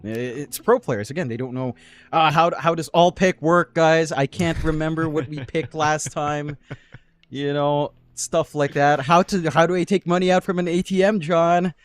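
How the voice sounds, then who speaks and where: In a relaxed exchange between casters, a man from the Philippines ribs his partner in good fun. He speaks at normal speed in a higher-leaning, steady tone, and the recording has no echo.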